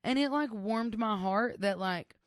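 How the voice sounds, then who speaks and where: A young woman, co-hosting a casual podcast chat and telling a story with lively quoted voices. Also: a little high, a little slow, dry recording, clean studio sound. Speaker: podcast co-host.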